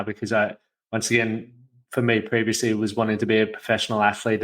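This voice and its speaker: An Australian man hosting a podcast, talking in a reflective, thoughtful way in casual conversation. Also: lowish voice. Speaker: podcast host.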